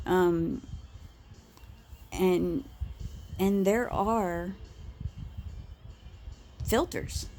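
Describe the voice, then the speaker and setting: A woman talking straight to camera in a blunt personal rant, swearing freely, stopping to restart her sentences and laughing quietly now and then. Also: medium pitch, gravelly. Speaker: vlogger.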